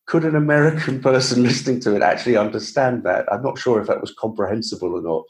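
A man's voice: medium pitch, fast talker. A man with a Received Pronunciation English accent, a guest author telling his story in a chatty, self-deprecating way during a casual interview. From England.

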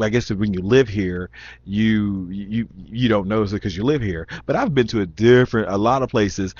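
Low-voiced chatty man, Southern Indiana accent. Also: dry recording. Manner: chatty and rambling, with many ums, restarts and laughs. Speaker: vlogger. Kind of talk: casual accent-tag talk reading questions aloud. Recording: dull lo-fi sound, dry.

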